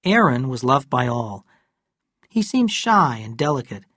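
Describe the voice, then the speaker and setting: A calm audiobook narrator reading a novel at an even, steady pace. The voice sits in a middle register. It is recorded close and dry, with no room echo. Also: medium pitch, unhurried.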